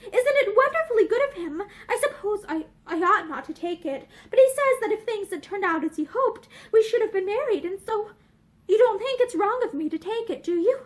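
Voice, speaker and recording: A woman's voice: extremely high pitch, lively intonation, brisk, pitched above the performer's own voice. A woman reading aloud and voicing an earnest, sensitive young woman who speaks eagerly and a little tremulously. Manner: eager, slightly tremulous speech.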